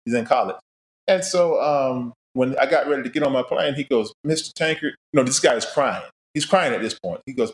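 A middle-aged man, a musician and podcast guest, telling his life stories in a casual, animated way and acting out past conversations. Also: mid-range voice, fairly quick, reverberant. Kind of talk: casual storytelling interview.

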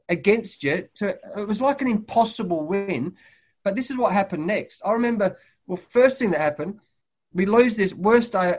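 A middle-aged Australian man, a head coach and guest, telling lively stories and acting out what people said. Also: high-pitched. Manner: lively anecdotes, acting out quotes loudly. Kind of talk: animated storytelling in a podcast interview. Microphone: remote call.

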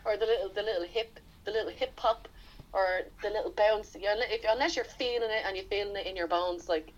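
A woman's voice: mid-range voice, a little fast. A woman, co-hosting a podcast in frank, casual chat, laughing often. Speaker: podcast co-host. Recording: dull lo-fi podcast recording.

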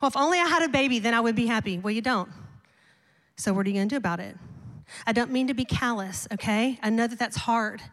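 A middle-aged woman pastor preaching a sermon, telling a personal story in an animated, emphatic way with repeated refrains. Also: on the high side, fast talker. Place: large church auditorium. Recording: long hall reverb.

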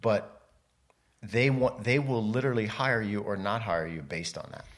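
Deep-voiced man chatting in an interview. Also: normal speed. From United States. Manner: rambling, self-interrupting storyteller. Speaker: podcast guest, model and photographer. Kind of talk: casual interview chat.

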